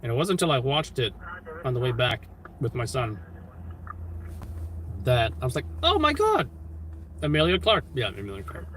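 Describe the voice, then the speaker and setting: A man's voice: medium pitch, normal speed, pauses often, a little hiss or hum, rough recording. A man hosting a live stream, chatting casually and rambling, often stopping to correct himself as he muses aloud. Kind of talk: casual chat while streaming. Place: street-level city live stream.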